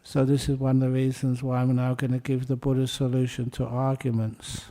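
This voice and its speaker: A man giving a Buddhist dharma talk, explaining with gentle humour and telling a story to make his point. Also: mid-range voice, completely flat delivery, brisk. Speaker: Buddhist teacher.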